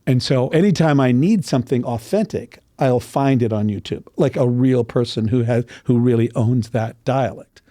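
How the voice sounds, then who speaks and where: A man with a mellow, dark voice talks through dialect sounds as a voice coach, stopping to act out the vowels himself. The recording is dry, with little room sound. He clears his throat now and then. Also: mid-range voice, normal speed, hardly any pauses, dry recording. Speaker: voice coach guest. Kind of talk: casual interview explanation.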